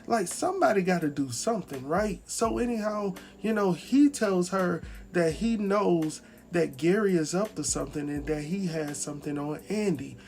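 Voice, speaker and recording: A man's voice: high-pitched, normal speed, vocal fry, hardly any pauses. Chatty man recapping a TV episode. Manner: chatty, animated, acts out characters' lines. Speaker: TV recap host. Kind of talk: casual recap commentary.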